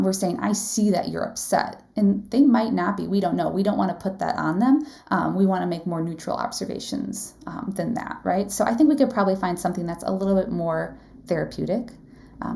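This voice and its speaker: Running a live webinar for nursing exam prep, this woman speaks in a mellow mid-range voice with vocal fry. Her teaching style is chatty, full of questions to listeners and frequent "right?"s.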